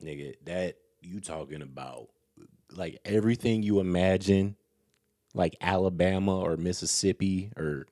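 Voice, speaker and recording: A man's voice: sits low, unhurried, mellow. A man co-hosting a casual chat, joking and teasing with lots of profanity.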